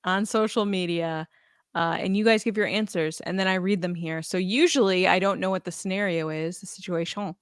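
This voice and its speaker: A woman's voice: lowish voice, fairly even intonation, a little fast, clean tone, no echo, studio quality. A woman co-hosting a podcast in casual chat, reading out listener answers with a teasing, giggly manner. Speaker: podcast co-host.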